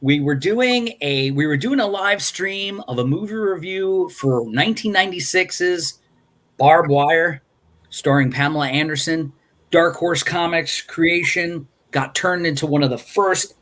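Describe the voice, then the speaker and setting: A man's voice: fairly high pitch, fairly bright tone. Rambling wry man hosting a review. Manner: rambling and wry, with frequent fillers and restarts. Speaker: movie review show host. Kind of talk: casual live-stream movie review chat. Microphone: video call.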